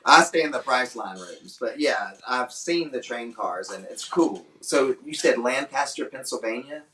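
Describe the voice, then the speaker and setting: A man's voice: mid-range voice, animated, moderate pace, pushed and bright, slight background noise. A man, a singer-songwriter and fiddler, chatting casually between songs in a sarcastic, joking way. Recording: roomy echo.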